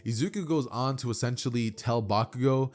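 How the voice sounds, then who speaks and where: Man, YouTube narrator, casual fan story retelling, chatty fillers, medium pitch, faint background music. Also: brisk, darkish tone. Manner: chatty, fillers like "you know" and "like".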